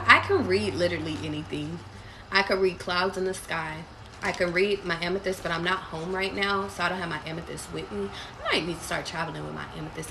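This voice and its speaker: A woman's voice: fairly low pitch, creaky, background noise. A woman reading tarot live for her viewers, blunt and profane, calling them baby. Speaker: tarot reader. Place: away from home.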